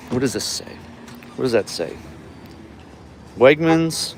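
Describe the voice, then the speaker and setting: A man's voice: mid-range voice, expressive, takes it slowly. Guy from new york rambling to his chat while driving deliveries, phone mic, bit of street noise. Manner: chatty, rambling, talks to chat viewers. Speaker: delivery driver livestreamer. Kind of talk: casual livestream chat. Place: in a car, then a store. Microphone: phone camera.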